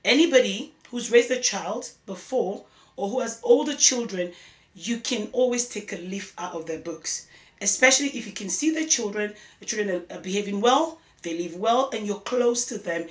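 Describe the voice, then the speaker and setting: A woman's voice: mid-range voice, expressive, moderate pace. A woman from Africa, a parenting vlogger, talking earnestly to camera and putting many questions to her viewers. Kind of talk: direct-to-camera opinion vlog. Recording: echoey room.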